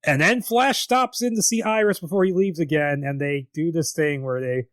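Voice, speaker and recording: Wry podcast man, higher voice, dry sound. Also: moderate pace, a bit bright, no room sound. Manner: wry, swears, laughs easily, retells scenes. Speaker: podcast co-host. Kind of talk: casual chat.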